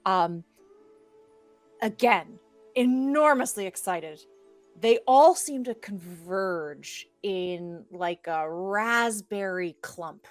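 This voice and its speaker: A woman running a tabletop game, narrating slowly and softly, her words drawn out with care. Faint music plays beneath her voice as she paints the scene. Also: medium pitch, no echo. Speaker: game master.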